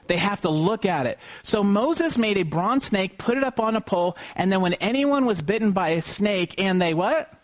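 A man preaching an Easter sermon, often asking the congregation questions and pausing for them to call back the answer. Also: high voice, animated. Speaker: pastor.

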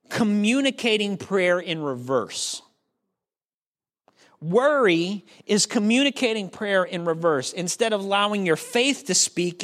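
This sermon comes from a man with a high, rather bright voice, a pastor who jokes and talks conversationally straight to his listeners. He brings quotations to life by acting out the voices.

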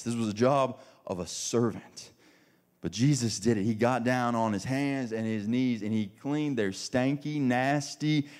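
Man preaching, casual and animated. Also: medium pitch. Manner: animated, conversational preaching with humor. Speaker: pastor. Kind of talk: sermon.

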